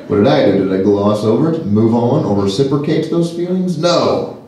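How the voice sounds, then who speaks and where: A man doing a stand-up comedy set to a live audience, self-deprecating and quick to jump into silly high voices. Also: expressive, warm tone, a little hiss or hum. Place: large hall with a live audience. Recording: echoey hall from afar, crowd laughter.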